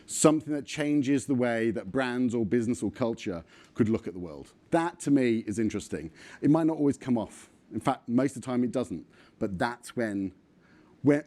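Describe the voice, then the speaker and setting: A man's voice: medium pitch, mellow. Blunt, swearing man in his forties. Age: 40s. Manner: blunt, swearing, rambling with frequent ums. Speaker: conference speaker. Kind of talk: casual, self-deprecating talk.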